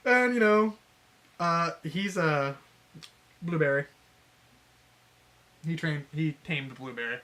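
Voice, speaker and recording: Bright-voiced man retelling a story. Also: a little high, big pitch swings, extremely slow, long pauses. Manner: laughing, swearing, acts out quoted lines. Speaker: podcast co-host. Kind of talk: casual chat retelling a fanfic.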